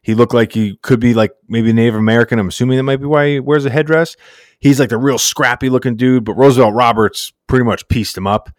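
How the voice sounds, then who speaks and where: A man's voice: mid-range voice, fast talker, no room sound, studio quality. A man co-hosting a casual sports podcast, laid-back and slangy, rambling through recaps. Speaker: podcast co-host.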